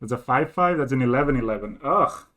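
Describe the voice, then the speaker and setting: Here a man with a medium-pitched voice talks fast while streaming a card game. His live commentary is mostly muttered counting of plays as he thinks aloud, punctuated by bursts of excited, laughing disbelief.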